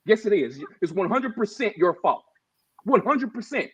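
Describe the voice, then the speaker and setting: A man with a husky, high, expressive voice co-hosts a podcast, ranting heatedly about sports at a moderate pace. His emphatic, fired-up delivery is full of "bro" and "y'all" aimed at the others. The audio is lo-fi and dull.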